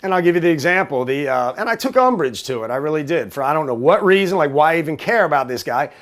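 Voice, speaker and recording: A man's voice: a little high, animated, fast. A man hosting a call-in talk show, ranting with sarcasm and rambling through many restarts. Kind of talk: opinionated political rant.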